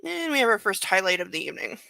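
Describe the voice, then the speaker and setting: Woman host, sarcastic and rambling book-club chat; bright tone, dry close sound. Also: medium pitch, very animated, fast talker, gravelly, no room sound, rough recording. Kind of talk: casual chat and reading aloud.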